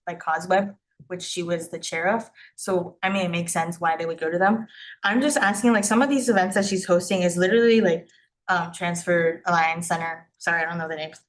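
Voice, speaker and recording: A woman's voice: fairly low pitch, fairly bright tone, low-quality recording. A young woman student senator speaking casually in a meeting, hedging with lots of "like" and "um". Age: young adult. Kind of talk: meeting discussion.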